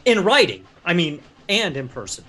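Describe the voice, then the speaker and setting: A man's voice: high-pitched, sing-song, moderate pace, pushed and bright, exaggerated voice. Kaz, a man playing a fussy, chatty writer. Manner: chatty, over-polite, rambling. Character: eager, fussy male writer taking notes. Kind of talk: tabletop role-play in character.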